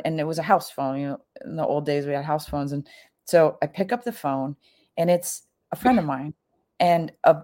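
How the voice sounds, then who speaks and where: A middle-aged woman telling a personal story in a chatty, casual way, full of fillers and acting out what people said. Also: a little mellow. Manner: chatty, full of "like" fillers, acts out quoted lines with big pitch jumps.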